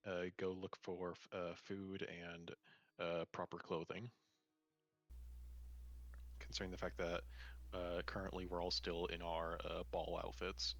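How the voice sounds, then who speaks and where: A man playing a tabletop role-playing game, explaining his character's plan in halting speech full of fillers and restarts. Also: deep voice, monotone, vocal fry, fairly bright tone, no room sound.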